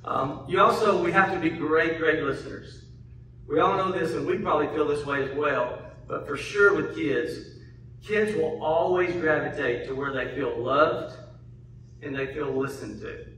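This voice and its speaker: A man's voice: fairly high pitch, normal speed, fairly bright tone, a little hiss or hum. Folksy man in an echoey hall. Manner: folksy storyteller who acts out his children's lines. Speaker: guest speaker at a church parenting class. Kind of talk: church seminar talk with family anecdotes. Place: large church hall. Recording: echoey hall from a distant mic.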